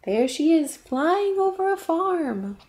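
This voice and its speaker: A woman librarian reads a children's storybook aloud, stopping to invite young listeners to chant along. Her high voice bounces lively up and down. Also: slow, a little hiss or hum.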